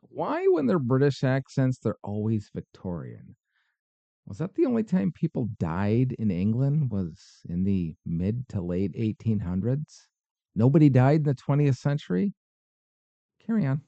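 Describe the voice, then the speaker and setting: A man's voice: mid-range voice, sing-song, a little slow, creaky, mellow, no room sound, muffled recording. A man hosting a podcast, reacting to paranormal videos with skeptical, sarcastic commentary. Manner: skeptical, dry, sarcastic asides. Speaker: podcast host.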